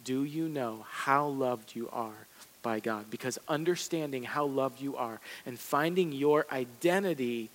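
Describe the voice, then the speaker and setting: A man's voice: mid-range voice, a little slow, low-quality recording. Man pastor, casual sermon, self-deprecating, emphatic repeats, mid-range voice. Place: church sanctuary.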